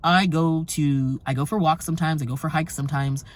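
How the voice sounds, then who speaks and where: Casting: vlogger, mid-pitched, an animated to-camera rant with some swearing. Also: fairly quick. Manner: animated, emphatic, swears, laughs between points. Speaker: travel vlogger.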